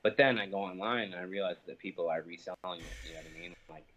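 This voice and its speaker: A young professional fighter, interviewed over a casual phone call, tells an angry story packed with swearing and fillers. His voice is low-pitched, fast, and fairly bright in tone, and his storytelling is heated and profane.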